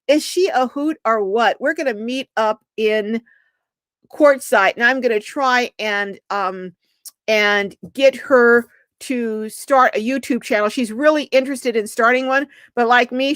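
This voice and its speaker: An older woman hosting a casual live stream, chatting warmly and reading out viewers' comments and greetings. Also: fairly high pitch, no echo.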